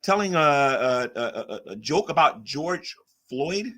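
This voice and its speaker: A man's voice: on the high side, expressive, slow pace, a bit bright. A man hosting a casual livestream, rambling and repeating himself as he reacts to chat. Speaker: livestream host.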